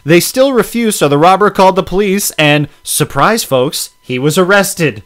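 A man co-hosting a comedy podcast, reading out crime stories with animated outrage, swearing and laughing. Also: high-pitched, moderate pace. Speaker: podcast co-host. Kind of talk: casual comedic podcast chat.

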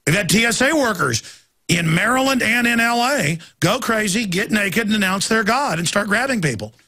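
In a heated monologue, this man hosting a radio talk show rants emphatically and bounces between stories. He has a high, animated voice with a sharp tone, speaking at normal speed.

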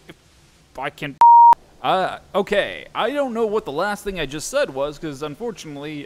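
A man's voice: on the high side, fairly bright tone. A young man giving let's-play commentary on a horror game, jumpy and self-mocking, swearing often. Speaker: gameplay streamer.

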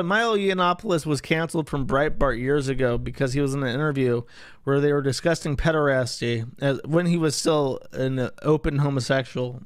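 A man's voice: mid-range voice, clear, resonant tone, dry recording, clean studio sound. A man hosting casual online commentary, irreverent and profane, with slangy asides. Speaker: internet commentary host.

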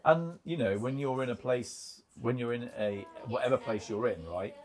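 A man's voice: mid-range voice, normal speed. A man chatting casually and jokingly in a barbershop chair, rambling a little. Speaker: barbershop client. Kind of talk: casual chat.

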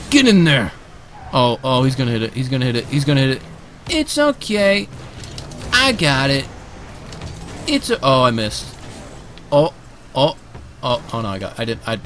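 A man giving casual live commentary over his own gameplay, excitable and quick to burst into shouts and repeated cheers, speaking close to a desk microphone. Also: medium pitch. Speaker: gamer and video creator. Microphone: desk microphone, sitting close.

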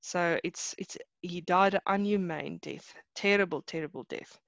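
A woman teacher in an online lesson, explaining a poem slowly, with Afrikaans terms mixed in and many pauses and repeated words. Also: on the low side, vocal fry, a bit bright, dry recording, lo-fi sound. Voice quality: frequent hesitations and repeated words.

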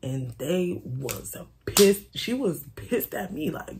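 Gravelly woman telling a candid storytime. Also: on the low side, sing-song, takes it slowly, hardly any pauses, a little mellow, a little hiss or hum. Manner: candid, swearing, repeats herself, quotes friends dramatically. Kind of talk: casual storytime vlog.

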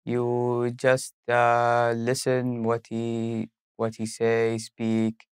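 A young man, a university student, speaking halting non-native English with frequent restarts in a casual interview. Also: medium pitch, monotone, smooth, no room sound, studio quality.

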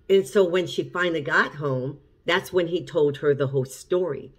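Telling a story to her camera, this middle-aged cooking channel host speaks at normal speed with few pauses in a low, slightly rough voice. She's chatty and keeps repeating and starting over as she recounts events.

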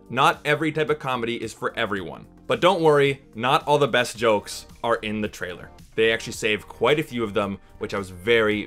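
A chatty male movie critic talks straight to his viewers in a loose, upbeat vlog manner, with a few casual swears. His voice sits at a mid pitch. Faint music plays underneath. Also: fairly bright tone. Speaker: movie review host.

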